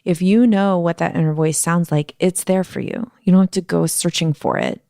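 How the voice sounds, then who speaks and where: Female interview host. Somewhat low voice, encouraging manner, dry recording. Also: normal speed, gravelly, dark tone, no room sound. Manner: affirming, encouraging, many small agreements. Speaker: podcast host. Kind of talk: casual interview chat.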